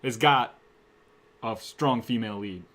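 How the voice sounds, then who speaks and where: Young man, talk show co-host, casual chat, laid-back, agreeable, mid-pitched voice. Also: unhurried, a crowd in the background.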